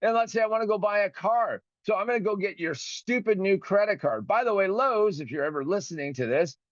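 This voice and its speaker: A man's voice: sits high, animated, brisk, no room sound. A man hosting his own show, ranting with profanity and indignation and acting out both sides of a phone call. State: recovering from a broken finger. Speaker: podcast host. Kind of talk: ranting monologue.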